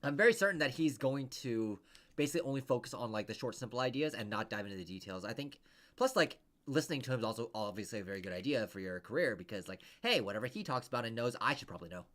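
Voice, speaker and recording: A man's voice: mid-range voice, expressive, quick pace, fairly bright tone. A man coaching over a video call, rambling casually with many restarts and fillers. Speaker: interview coach.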